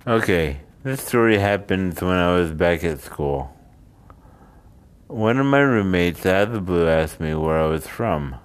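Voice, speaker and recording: A man's voice: low-pitched, expressive, a little slow, clear, resonant tone. A man from the United States telling a casual story and rambling into musings. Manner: rambling, drifts between anecdote and musing.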